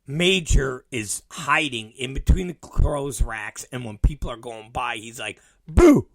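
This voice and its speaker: A man's voice: medium pitch, measured pace, vocal fry, a bit bright, dry recording. A middle-aged man hosting a podcast, telling a long profane family story and acting out every quote. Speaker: podcast host. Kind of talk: storytelling monologue.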